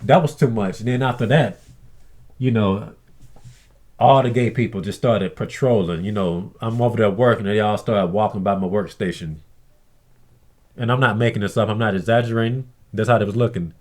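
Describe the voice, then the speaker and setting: A man's voice: fairly low pitch, moderate pace, a little mellow. A man telling a story in a blunt, aggrieved casual rant, swearing often and acting out what others said. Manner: acts out others' lines in mimicked voices. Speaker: vlogger. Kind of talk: casual ranting monologue.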